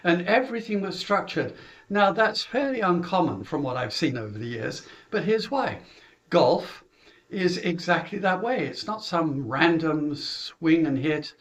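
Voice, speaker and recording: A man's voice: fairly high pitch, sing-song, unhurried, fairly bright tone. A middle-aged British man, a golf coach, chattily recounting how he runs his junior lessons, with chuckles and filler words. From Britain.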